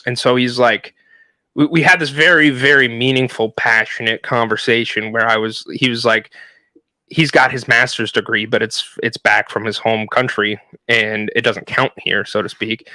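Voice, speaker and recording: A man at a medium pitch with a bright, forceful tone tells a rambling story on a podcast. He talks casually and swears often. His voice sounds close and dry. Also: dry recording. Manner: animated, profane storytelling with frequent fillers. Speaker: podcast co-host.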